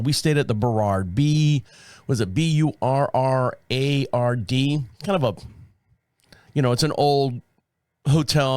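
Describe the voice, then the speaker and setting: A man's voice: medium pitch, dry recording, studio quality. A middle-aged man hosting a podcast, telling a casual rambling story with chuckles and repeated phrases. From United States. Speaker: podcast host.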